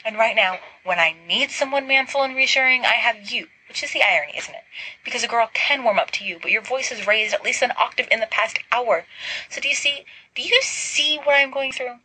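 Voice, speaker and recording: Female reader as a weary, tart young woman in a podfic; bright, dry-sounding. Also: a little high, a little fast, husky, no room sound, voice pushed up, poor audio. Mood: exasperated. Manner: tired, tart and sarcastic. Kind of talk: podfic reading.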